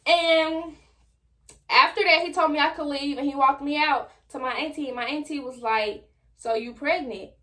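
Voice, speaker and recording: A young adult woman telling a personal story straight to her viewers in a casual, slangy, animated way. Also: high-pitched, moderate pace. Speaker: vlogger.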